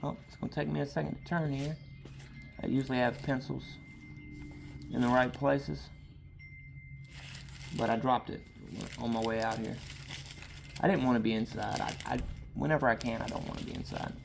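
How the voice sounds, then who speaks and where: A man's voice: mid-range voice, steady tone, normal speed, gravelly, long pauses, faint music behind. A man preaching an informal sermon outdoors, talking in a loose, conversational way with frequent asides. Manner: conversational, rambling, frequent "all right". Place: outdoors in a yard.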